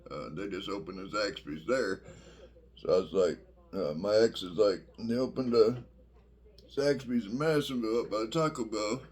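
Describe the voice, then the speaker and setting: A middle-aged man rambles through a casual vlog monologue. His voice sits somewhat low, and he swears freely, piling up fillers and restarts as he talks. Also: normal speed, husky. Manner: profane, rambling, many fillers. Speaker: vlogger.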